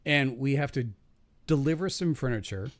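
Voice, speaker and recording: Chatting casually on a podcast, a man tells rambling, profane tales from his jobs, restarting often and laughing at his own punchlines. His voice is medium-pitched at a normal speed, with no room sound.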